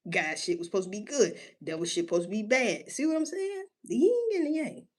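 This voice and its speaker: In an animated casual rant, a woman talks to her listeners alone, full of street slang and free cursing. She pelts them with rhetorical questions, stretching words for emphasis and leaping suddenly in pitch.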